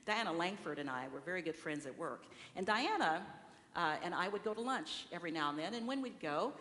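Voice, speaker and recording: Speaking fairly quickly with lively intonation, a woman whose voice is on the low side and fairly bright preaches conversationally at a church service. She throws rhetorical questions to the congregation and acts out quotes, her voice ringing through a reverberant sanctuary with faint room noise.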